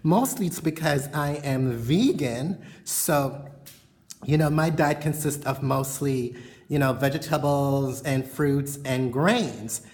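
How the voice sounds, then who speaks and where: A woman's voice: rumbling low, slow pace, a little mellow. Woman vlogger, bedroom chat to camera, frank and rambling, lots of fillers. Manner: frank, rambling, heavy on "you know" fillers. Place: bedroom at home.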